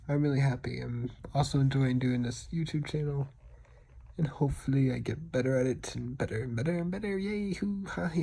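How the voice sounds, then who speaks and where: Soft-spoken gravelly man, rambling. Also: fairly high pitch. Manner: rambling, self-deprecating; talks quietly, partly whispered. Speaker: digital artist. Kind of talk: casual voice-over over a speed drawing.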